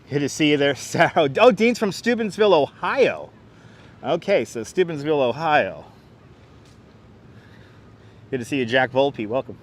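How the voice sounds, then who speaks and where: A man's voice: fairly high pitch, sing-song, measured pace, pauses often. Chatty man livestreaming outdoors. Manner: chatty, laughs often, greets viewers by name. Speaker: livestream host. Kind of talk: live walking tour, reading chat aloud. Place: outdoor waterfront park. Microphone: wireless lapel mic.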